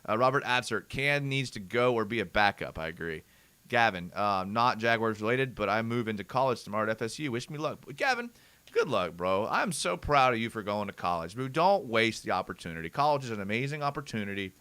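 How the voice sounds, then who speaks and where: A young man hosting a live fan show, breaking down game film and reading out viewer comments in a lively, ranting way. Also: on the low side, a little fast, clear, resonant tone. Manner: animated, ranting, addresses viewers as bro.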